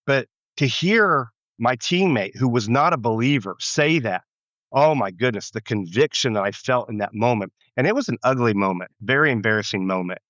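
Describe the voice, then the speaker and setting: A man's voice: medium pitch, expressive, moderate pace, fairly bright tone, no room sound. A man from the United States, a pastor, telling his story in an interview in an earnest, reflective way with frequent restarts. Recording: dull muffled lo-fi sound.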